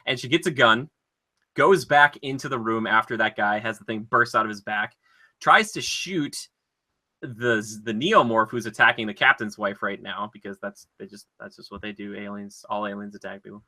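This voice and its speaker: A man co-hosting a casual podcast, retelling scenes in an animated, rambling way with lots of filler words. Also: fairly low pitch, moderate pace. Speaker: podcast co-host.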